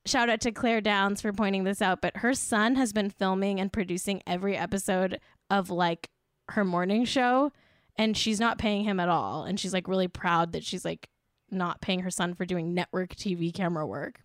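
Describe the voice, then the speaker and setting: A woman hosting a comedic gossip show, trading sarcastic jabs for mock-solemn, hushed asides. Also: mid-range voice, moderate pace, no echo, clean studio sound. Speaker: host.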